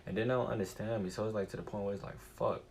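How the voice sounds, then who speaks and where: A man's voice: on the low side, racing, vocal fry, slight background noise. A man streaming a casual, rambling monologue, cursing freely as he muses aloud. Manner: profane, animated and musing.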